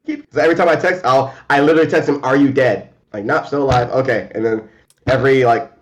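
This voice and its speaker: A man's voice: medium pitch, quick pace. A young man guesting on a casual chat, telling stories with laughter, stammers and voices for the people in them. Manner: lively storyteller, laughs, stammers, does voices.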